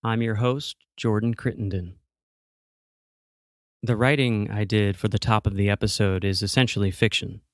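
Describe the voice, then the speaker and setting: A man hosting a true crime podcast, reading scripted narration in a measured, matter-of-fact way. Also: lowish voice, fairly even intonation, no echo, studio quality. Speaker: podcast host.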